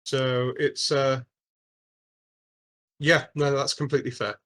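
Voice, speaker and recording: A man's voice: mid-range voice, flat delivery, slow pace, a bit bright. Patient man running a tabletop game. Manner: patient rules explanations with frequent restarts. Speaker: game master.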